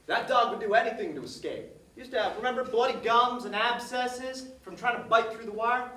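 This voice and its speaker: Heard from afar on an echoey theater stage, a male actor delivers a monologue as a folksy man, rambling and repeating himself as he reminisces about his dog. His voice is very high, brisk, pushed and bright, with slight background noise.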